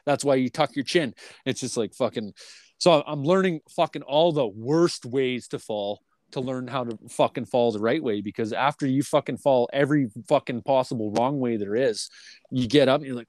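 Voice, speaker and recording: A man's voice: mid-range voice, moderate pace, no room sound. A man telling a long story in casual podcast talk, rambling and swearing constantly, with many fillers and restarts. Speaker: podcast host.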